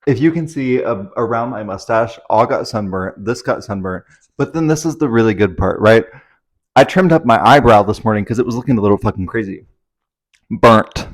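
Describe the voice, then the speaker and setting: Young guy vlogging from home, lowish voice, rambly and nervous, swears a lot. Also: expressive, brisk. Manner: rambling, swearing, anxious storytelling. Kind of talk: casual confessional vlog. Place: at home indoors.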